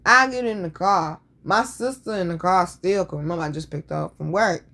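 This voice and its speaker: A woman's voice: lowish voice, brisk, a bit bright. A woman hosting a casual show, telling stories in a blunt, profane, sassy way. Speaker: podcast host. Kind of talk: casual storytelling chat.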